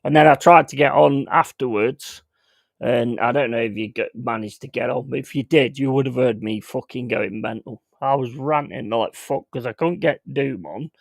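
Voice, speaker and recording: A man's voice: medium pitch, moderate pace, gravelly, no echo. Male streamer, blunt and sweary, casual rant, dry close sound. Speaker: streamer host. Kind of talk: casual livestream chat. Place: home.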